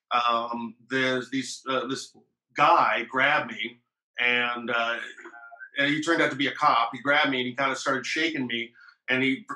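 A man chats casually over a video call, telling stories with plenty of ums and uhs. His voice is very bright and sharp, and it rings in an echoey room. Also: medium pitch. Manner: hesitant, many ums and uhs. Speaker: host.

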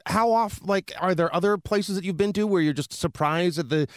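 A man's voice: high voice, moderate pace, no echo, clean studio sound. A man in casual podcast chat, joking and teasing with leading questions.

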